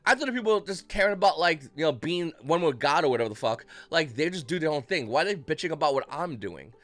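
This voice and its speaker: A man's voice: fairly high pitch, lively intonation, fast talker, a bit bright. A man in his thirties, hosting a card game channel, rambles and rants casually with lots of swearing and mocking asides. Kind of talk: casual rant to camera.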